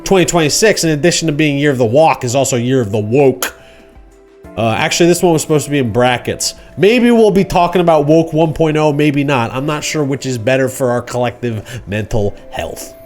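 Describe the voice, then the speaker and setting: A man hosting a casual livestream, rambling and joking, acting out quoted shouts. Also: mid-range voice, lively intonation, fairly quick, faint music behind. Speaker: livestream host.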